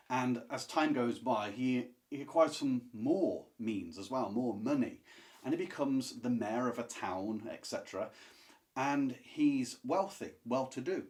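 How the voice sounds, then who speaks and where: A man reviewing classic books to camera in a casual, enthusiastic, chatty way, with asides and restarts. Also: medium pitch. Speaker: book reviewer.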